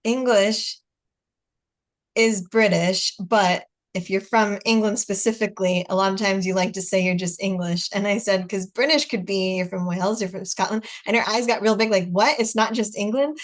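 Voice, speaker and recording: A woman's voice: medium pitch, steady tone, moderate pace. Chatty American woman on a video call. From United States. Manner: chatty storyteller, laughs often, acts out dialogue. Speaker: host. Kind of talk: casual chat on a video call.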